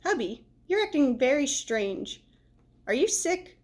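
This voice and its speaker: Storybook mom, patient and gently lecturing, as read by a woman, a bit high. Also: big pitch swings, unhurried. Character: patient, caring mother of a young boy.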